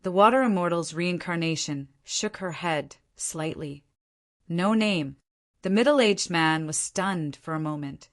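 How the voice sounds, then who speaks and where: A woman narrating a fantasy audiobook in a steady, even reading voice. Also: lowish voice, measured pace, few pauses. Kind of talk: scripted narration.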